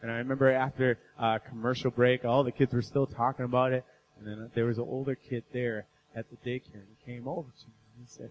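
A man's voice: mid-range voice, little pitch movement, quick pace, poor audio. A man giving an earnest sermon as a guest speaker, telling personal stories and building in intensity.

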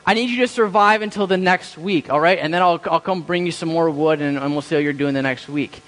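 Young male pastor, lively storyteller; bright high register, recorded in a reverberant church hall. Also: a little fast. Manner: storytelling with quoted inner voices, repeats words. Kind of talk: sermon.

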